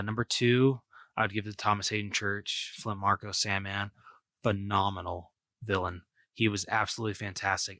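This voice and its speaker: A man's voice: lowish voice, sharp tone, dry recording. A man co-hosting a podcast, talking casually about movies and rambling with lots of fillers and restarts. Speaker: podcast co-host.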